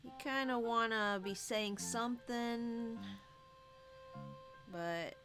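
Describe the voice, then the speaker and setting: A woman chatting casually on a live stream while she draws, sleepy and soft-spoken, rambling to herself. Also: on the high side, takes it slowly, music in the background. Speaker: artist livestreaming her drawing. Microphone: desk microphone.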